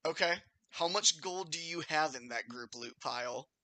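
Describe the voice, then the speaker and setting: A man's voice: on the high side, normal speed, bright, forceful tone. A man narrating a tabletop game as game master, casual and swearing freely. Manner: casual, swears freely, laughs at his own scenes.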